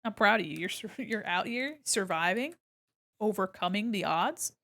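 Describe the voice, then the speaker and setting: A young woman streamer chatting casually with her viewers while she draws, animated, laughing often and swearing freely. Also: medium pitch, normal speed. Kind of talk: casual chat with a live stream chat while drawing.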